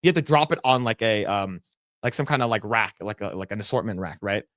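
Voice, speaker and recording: A man's voice: on the low side, expressive, fast, a bit bright, no room sound. Chatty laughing podcast guy, dry sound. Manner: rambling, laughs often, many fillers. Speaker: podcast co-host. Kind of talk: casual chat, storytelling.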